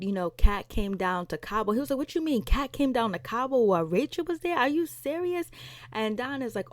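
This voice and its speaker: A woman's voice: medium pitch, smooth, no room sound. A woman vlogger casually retelling a TV episode, acting out quotes from the cast and laughing as she goes. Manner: chatty, retells scenes with quoted voices, laughs. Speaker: TV recap vlogger.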